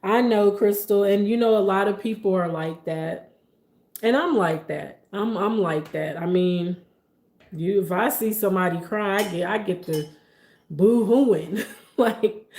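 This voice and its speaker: Woman, podcast host, affirming, casual, slightly low voice. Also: darkish tone, echoey room.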